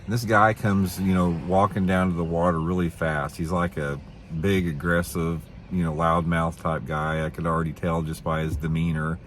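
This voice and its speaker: Low-voiced man telling a rambling story. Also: flat delivery, moderate pace, a bit bright, slight background noise. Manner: rambling, repeats himself, indignant. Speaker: fishing show host. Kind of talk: casual storytelling.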